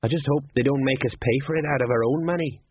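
A man voicing a flustered middle-aged male city-watch sergeant, fretful and rising high in alarm. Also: fast, slightly rough, no echo, natural voice. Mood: vague. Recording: tinny narrow-band audio.

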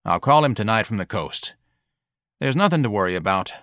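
A bored company owner, as a male reader plays him, brushing things off in a flat, unbothered way and close to the narrator's own voice. The sound is close and dry. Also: fairly low pitch, brisk, no echo. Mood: weary. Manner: bored, dismissive.

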